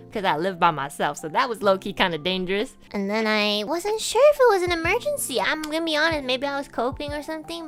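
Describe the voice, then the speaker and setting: A young woman streamer from Canada casually telling a story, swearing, laughing and acting out what others said. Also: medium pitch. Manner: animated, swearing, laughing asides, acts out quotes. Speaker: VTuber streamer.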